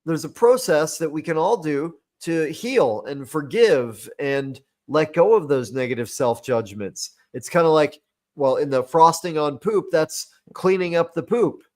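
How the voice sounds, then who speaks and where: A man's voice: a little high, expressive, measured pace, a little mellow. A man, a personal growth coach, explaining his method step by step in a podcast conversation, using homely metaphors.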